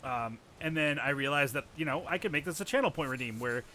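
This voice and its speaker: A man's voice: a little high, fast talker, a little hiss or hum. A man streaming live, chatting casually with loose, profane humor. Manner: relaxed, profane and laughing.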